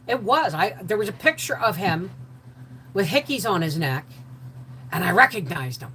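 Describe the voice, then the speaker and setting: An older woman telling a personal story in an animated way, acting out the voices of the people in it. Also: medium pitch, moderate pace, slight background noise, low-quality recording. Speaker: host.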